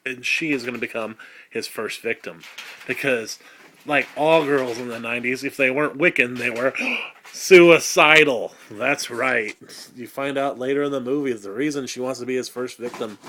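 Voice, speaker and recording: A man's voice: mid-range voice, fairly even intonation, moderate pace, pushed and bright, a little hiss or hum. A man in his thirties hosting a casual horror movie review, crude and sarcastic, rambling with lots of fillers. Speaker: host.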